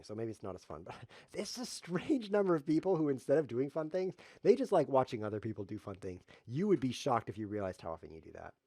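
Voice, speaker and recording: Commentating his own live-streamed chess game, a man with a mid-range, dark, husky voice keeps things casual, cracking jokes at his own expense and wandering off on playful side tracks. The recording has no room sound.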